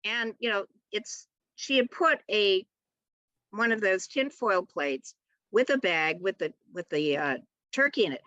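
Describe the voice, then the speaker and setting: A woman author on a panel, telling a funny family story in an animated way and acting out the people in it. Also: medium pitch, measured pace, dry recording, dull audio. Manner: animated storyteller who acts out other people's voices. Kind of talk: comic personal anecdote.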